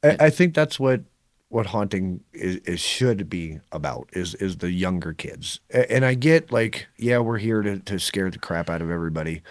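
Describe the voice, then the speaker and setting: A podcast co-host with a deep voice tells stories at a normal speed, animated and laughing often in casual chat. The recording is dry, with clean studio sound.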